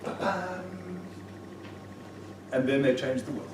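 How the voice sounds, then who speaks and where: Guy giving a lively motivational talk, acts out the dialogue, far from the mic, super echoey, a bit of hiss. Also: on the high side, normal speed. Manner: animated storyteller, acts out dialogue. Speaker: motivational speaker. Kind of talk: live presentation to an audience. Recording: echoey room, distant mic, faint noise.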